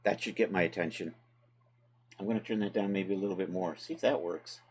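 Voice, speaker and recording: A man with a fairly low voice, walking viewers through a software task during a live stream. He chats easily with his audience and narrates each click as he goes, loose and unscripted. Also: fairly quick, slight background noise. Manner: relaxed, chatty, talks to chat while working. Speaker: livestream host and 3D software tutor. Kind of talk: casual live tutorial, thinking aloud.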